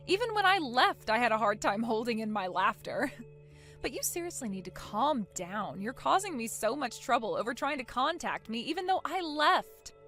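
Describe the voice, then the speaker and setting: A woman voicing a calm, sarcastic young woman who talks softly and coolly in an animated story. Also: high-pitched. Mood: mocking. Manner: soft, cool, sarcastic. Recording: faint music underneath.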